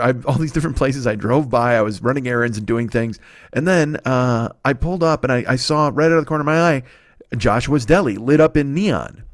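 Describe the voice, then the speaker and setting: A man in his forties rambles through a profane comic story on his solo podcast. His pitch sits mid-range. The sound is dry and close. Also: dry recording. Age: 40s. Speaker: comedy podcast host. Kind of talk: solo comedy monologue. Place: home studio.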